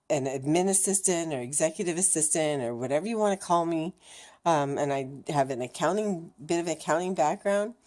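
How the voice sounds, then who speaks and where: A middle-aged woman chatting casually to camera in her vlog, frank and animated, laughing often and swearing now and then. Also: low voice. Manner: animated, laughing, mimics racing thoughts with fast chatter. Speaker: vlogger sharing her cancer journey.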